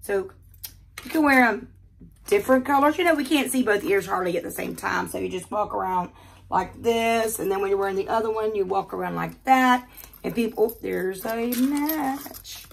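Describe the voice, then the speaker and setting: An older woman from the American South with a Southern accent, chatting casually and talking fast while she unboxes jewelry in her quiet bedroom. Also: medium pitch, creaky, a little hiss or hum.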